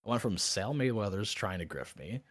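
A man's voice: lowish voice, brisk. A man co-hosting a podcast, telling a story in casual chat, swearing freely and acting out both sides of a conversation. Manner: animated, profane, acts out both sides of chats. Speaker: podcast co-host.

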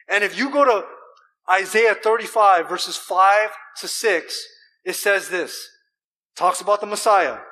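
A man preaching a sermon as pastor, animated and emphatic, with rhetorical questions and deliberate pauses. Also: high voice, rough recording. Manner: deliberate pauses and repeated words.

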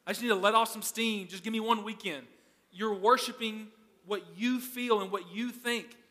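Male pastor, conversational sermon delivery, high pitch, reverberant church hall. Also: pushed and bright. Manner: conversational, asks the congregation questions.

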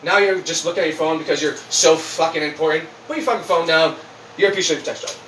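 Podcast host, male, high bright voice, blunt profane ranting, roomy distant sound. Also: fast talker. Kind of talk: casual ranting chat. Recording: roomy, distant mic, faint noise.

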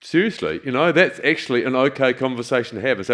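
A man's voice: medium pitch, lively intonation, quick pace, few pauses, fairly bright tone. A man with a New Zealand accent giving a rambling, chatty talk about community work, full of asides. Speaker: community charity speaker. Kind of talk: storytelling talk to an audience.

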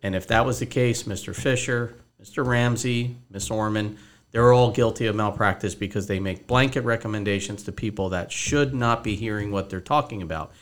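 A man's voice: on the low side, normal speed. A man hosting a podcast as a financial advisor, telling a story casually and acting out both sides of a phone call.

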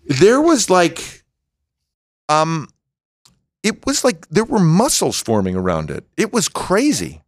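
A man's voice: fairly high pitch, wildly swooping pitch, takes it slowly, long pauses, dry recording. Middle-aged man, podcast guest, loose self-deprecating joker, lots of ums, dry close recording. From United States. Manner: rambling, self-mocking, jokey storytelling with many fillers. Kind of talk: casual podcast chat.

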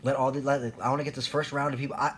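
A man's voice: medium pitch, level tone, rapid-fire, fairly bright tone, a little hiss or hum. A man in his thirties ranting in a rambling, profane, sarcastic monologue, laughing at himself now and then. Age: 30s. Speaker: vlogger.

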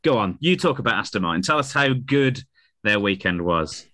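A man hosting a casual podcast chat, calm and agreeable as he passes the talk around. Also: fairly low pitch, moderate pace, no echo, clean studio sound. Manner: calm, agreeable, prompts others. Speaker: podcast host. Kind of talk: casual chat about motor racing.

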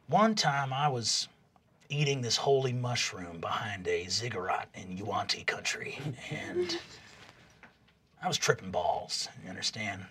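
A man voicing a laid-back older male mentor with a low, rambling, folksy drawl. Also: fairly bright tone, slightly rough.

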